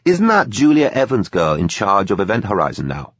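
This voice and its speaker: A man putting on a streetwise young woman informant, blunt and slangy, her voice low and husky. The recording is muffled and dry. She talks like someone who knows the street. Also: wildly swooping pitch, brisk, fairly bright tone, dry recording, heavily acted. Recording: dull, dry.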